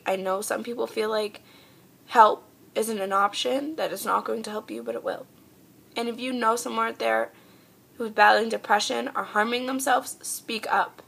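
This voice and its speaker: A woman's voice: fairly high pitch, creaky, fairly bright tone, slightly rough. A young woman talking earnestly and heartfelt in a personal vlog, pleading with her viewers. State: tearful. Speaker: vlogger.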